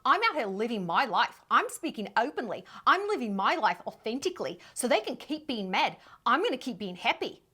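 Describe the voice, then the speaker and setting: A woman's voice: fairly high pitch, very animated, fairly quick, hardly any pauses, bright, forceful tone, slightly rough, heavily acted. A woman imitating a breezy, defiant young Australian woman, with a put-on Australian accent.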